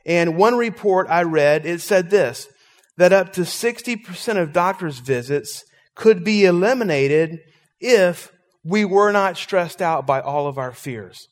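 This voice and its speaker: A man's voice: high-pitched, measured pace, big-room sound. A man preaching a sermon as pastor, telling stories and making emphatic points to his congregation. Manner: storytelling, emphatic, animated preaching.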